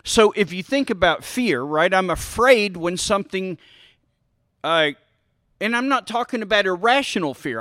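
Male preacher, high and bright, unhurried sermon, emphatic repeats, Q-and-A with the congregation. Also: dry recording, studio quality. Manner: asks the listeners questions and answers them himself; emphatic, repeats key phrases. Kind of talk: sermon with Bible reading.

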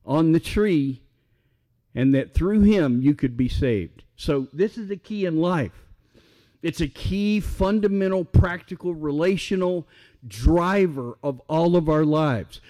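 A man preaching a sermon in an unhurried, deliberate way. His voice sits a little higher than most men's. He keeps asking his listeners questions and then answers them himself, with real emphasis. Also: a little mellow.

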